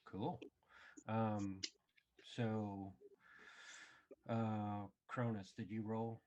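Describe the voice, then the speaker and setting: A low-voiced man running a tabletop game over a voice call. He speaks very slowly and in an easygoing way, as game master. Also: level tone, a little mellow, lo-fi sound. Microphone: online voice call.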